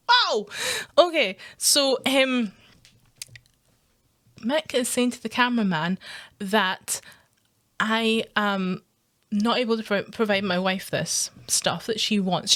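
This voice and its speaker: A woman with a Scottish accent ranting in a casual, animated vlog. She swears freely and breaks into laughter often. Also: a little high. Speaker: gaming vlogger.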